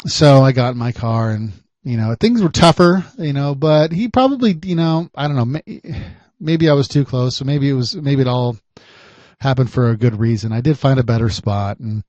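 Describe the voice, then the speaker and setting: A man hosting a podcast, a private investigator telling a story in a chatty, animated way. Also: mid-range voice, moderate pace, no room sound, muffled recording. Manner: animated, chatty, laughs often.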